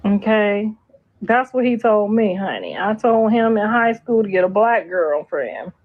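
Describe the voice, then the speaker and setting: A woman's voice: mid-range voice, sing-song, measured pace, narrow, tinny audio. A middle-aged woman hosting a casual gossip livestream, blunt, sassy and freely profane. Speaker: host.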